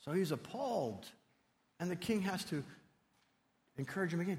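A male preacher delivering an animated sermon, swinging from loud to hushed, in a church sanctuary. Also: high-pitched, moderate pace. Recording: long reverb in a large hall.

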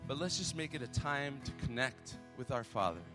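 A man's voice: medium pitch, animated, normal speed. A man leading worship in a church, speaking earnestly with frequent fillers and restarts before the songs. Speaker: worship leader. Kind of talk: sermon. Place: church sanctuary. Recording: long reverb of a church hall, faint music.

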